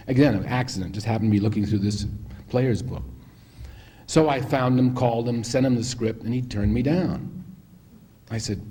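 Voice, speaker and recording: A man with a mellow, warm voice tells behind-the-scenes stories to an audience. He rambles and restarts, and slips into other people's voices to act out the scenes. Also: lowish voice, a little fast, a little hiss or hum. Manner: rambling, animated, acts out the people he quotes. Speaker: film director telling anecdotes. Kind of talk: anecdotal storytelling to an audience.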